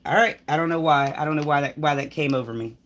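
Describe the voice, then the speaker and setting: A deep-voiced woman talks fast while doing a live tarot reading. Facing the viewer, she delivers an emphatic, preachy spiritual pep talk that rambles, with sighs and frequent restarts.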